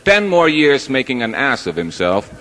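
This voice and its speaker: Pushed and bright, his medium-pitched voice is very animated as he works through a live stand-up routine at normal speed, with a little hiss or hum in the background. He's a chatty, rambling stage performer who pokes fun at himself. The large hall and its audience give the clip a long reverb.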